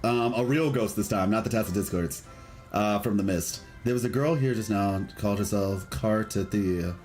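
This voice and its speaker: A man's voice: on the low side, normal speed, darkish tone, soft background music. A man streaming a video game, chatting casually and enthusiastically with a rambling, friendly delivery while reading chat aloud. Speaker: gaming streamer.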